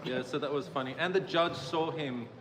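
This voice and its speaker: A man's voice: fairly high pitch, moderate pace, a bit bright, a little hiss or hum. A man translating and explaining hesitantly, with many fillers. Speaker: translator on a stream. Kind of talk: casual explanation.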